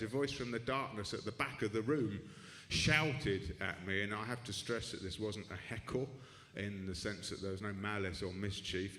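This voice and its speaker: Low-voiced dry stand-up comic. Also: male voice, a bit bright. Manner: dry, rambling, self-deprecating asides with many restarts. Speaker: stand-up comedian. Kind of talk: stand-up comedy set. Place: comedy club stage with live audience. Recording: echoey club room with audience noise.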